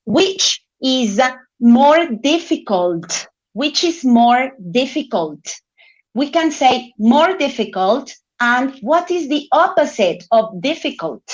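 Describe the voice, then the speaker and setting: A woman teaches English in an online class, speaking at a slow, patient pace with a slightly high voice. She coaxes students to take part and draws out key words. The audio sounds dull and lo-fi, like a laptop mic on a video call. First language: Spanish.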